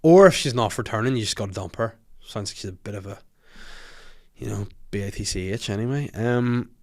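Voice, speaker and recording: A man's voice: fairly low pitch, fairly quick. A young man with a Northern Irish accent hosting a comedy podcast, rambling and jokey with crude asides. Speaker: podcast host. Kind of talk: casual comedic chat.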